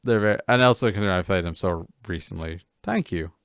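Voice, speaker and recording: A male game streamer rambles casually to his viewers, mocking himself and restarting sentences often. His fairly low voice swings widely up and down. The sound is smooth and dry, close on a desk mic. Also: animated, moderate pace, long pauses, dry recording. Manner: rambling, self-mocking, talks in bursts with many restarts.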